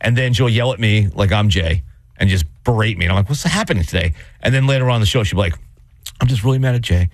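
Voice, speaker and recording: A man's voice: fast, no room sound, clean studio sound. A man co-hosting a morning radio show, telling stories animatedly and teasing his co-host. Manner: animated storyteller, big pitch swings, playful teasing. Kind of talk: casual morning radio banter.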